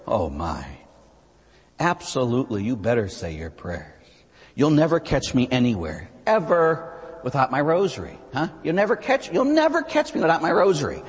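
A man preaching as a Catholic priest, telling stories with lively asides and frequent "huh?" to his listeners. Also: fairly high pitch, moderate pace, husky. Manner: animated storytelling with rhetorical "huh?" asides. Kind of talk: sermon. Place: church. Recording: long reverb of a large church.

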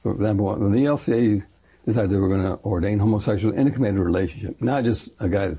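Fast-talking older man with a gravelly, husky voice. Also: on the low side, a little hiss or hum. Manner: animated, acts out quoted voices; rambling, self-correcting. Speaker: retired pastor. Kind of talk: interview storytelling.

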